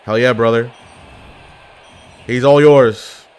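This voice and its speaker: A man's voice: mid-range voice, slow, slight background noise. A man giving casual gameplay commentary, joking and trash-talking opponents. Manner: trash-talking, jokey, excitable outbursts. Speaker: gaming YouTuber.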